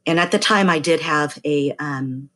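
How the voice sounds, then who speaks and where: A woman's voice: deep voice, moderate pace, a bit bright. Chatty middle-aged woman telling a story. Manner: chatty, acts out quoted voices. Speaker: massage therapist telling a story. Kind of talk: casual storytelling.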